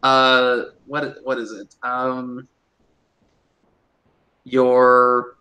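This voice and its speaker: Laughing man with a bright voice. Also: mid-range voice, monotone, very slow. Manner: laughs often, tries out accents. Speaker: podcast guest, cosplayer. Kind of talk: casual chat.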